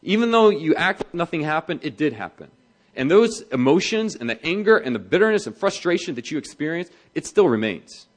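A male pastor preaching in a lively, conversational manner. His voice sits a little high, and his pitch swings widely as he drives his points home and slips into the voices of the people he quotes. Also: a little fast. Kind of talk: sermon on marriage.

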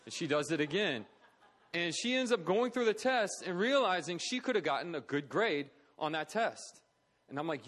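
A middle-aged man at a charity talk tells a personal story earnestly and conversationally, acting out quoted voices. His voice is fairly high, very animated, and fairly bright, at a moderate pace.

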